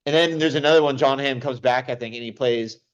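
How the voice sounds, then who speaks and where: A man's voice: mid-range voice, fast, clean tone, muffled recording. Rambling, enthusiastic young man. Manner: rambling, restarts often, enthusiastic. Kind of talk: casual chat about old movies.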